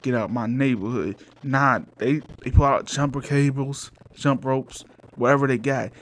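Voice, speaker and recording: A man comically retelling a story in rambling, slang-filled speech with laughing asides. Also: medium pitch. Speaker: comedy game reviewer.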